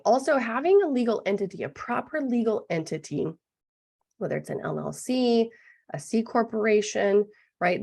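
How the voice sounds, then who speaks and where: A middle-aged woman with a gruff, hoarse voice explaining business legal basics in an online masterclass, often checking in with "right?". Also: fairly low pitch. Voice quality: gravelly. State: gruff, throat-clearing voice. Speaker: business lawyer presenting a masterclass.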